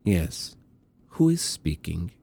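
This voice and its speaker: Husky Russian-accented woman played by a man, guarded, clipped and dry, low dark voice. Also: big pitch swings, slow pace, heavily acted. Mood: curt.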